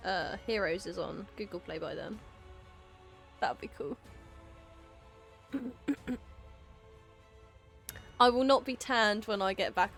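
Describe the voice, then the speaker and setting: A woman's voice: mid-range voice, fairly bright tone. A woman chatting casually to her viewers on a live game stream, giggling now and then and talking straight to chat.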